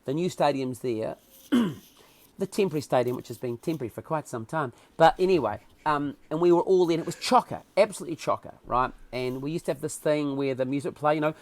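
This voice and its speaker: A man with a New Zealand accent speaks as a podcast guest. He tells his stories in a loose, conversational way with a lot of feeling, and his voice sits at an ordinary middle pitch. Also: a little fast. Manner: emotional, animated storyteller. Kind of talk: casual interview storytelling.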